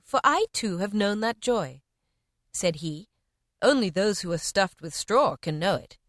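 A woman giving a measured, expressive reading of short parables in old-fashioned language. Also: mid-range voice, no room sound, clean studio sound. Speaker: reader. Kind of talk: scripted narration of parables.

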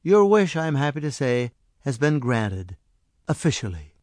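A man voicing a small mysterious stranger who speaks softly and patiently. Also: medium pitch, very animated, a little slow, dry recording. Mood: delighted. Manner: soft, patient and coaxing. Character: small mysterious male stranger, gentle and knowing.

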